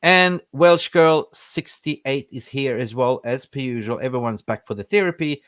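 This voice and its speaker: A man's voice: medium pitch, lively intonation, normal speed, a bit bright, dry recording, clean studio sound. A man hosting a live fan podcast, reading out and greeting viewers from the chat with energy. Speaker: podcast host.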